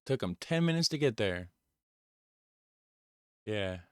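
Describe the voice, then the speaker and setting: An American man hosting a reaction video, talking casually and rambling, often trailing off quietly. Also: fairly low pitch, very animated, slow pace, slight background noise. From United States. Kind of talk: casual commentary.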